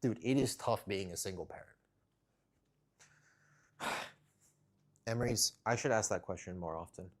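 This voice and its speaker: Man, very low deep voice, casual live-stream chatter, at home, cats in the background. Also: a little slow, pauses often. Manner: chatty, talks to viewers and cats while working out. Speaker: livestreamer. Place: home, kitchen corner.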